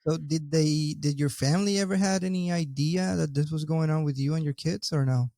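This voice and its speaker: Low-voiced woman host, dry sound. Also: fairly quick, dark tone, dry recording. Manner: short reactive interjections and questions. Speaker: podcast host. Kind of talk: casual interview chat.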